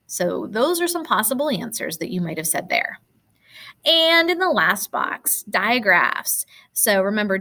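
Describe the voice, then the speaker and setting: A woman's voice: mid-range voice, sharp tone. A woman teacher going patiently through worksheet answers step by step, encouraging her pupils as she explains. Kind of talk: recorded classroom lesson.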